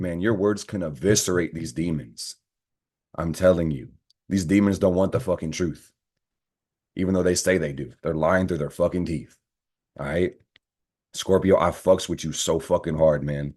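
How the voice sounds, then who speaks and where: A young man with a very deep voice delivers a tarot reading straight to his viewers. He talks in a fired-up, profane rush and keeps breaking into loud, heated rants before dropping back down low. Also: normal speed, slightly rough. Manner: fired-up, profane, ranting, swings into loud outbursts. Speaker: astrology and tarot reader. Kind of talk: tarot reading monologue to camera.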